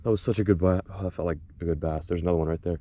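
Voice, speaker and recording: A young man vlogging while fishing outdoors in winter, talking excitedly to the camera as he reels in fish. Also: sits low, rapid-fire, dull audio. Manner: excitable, exclaiming and laughing while reeling in fish. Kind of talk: casual on-camera fishing commentary.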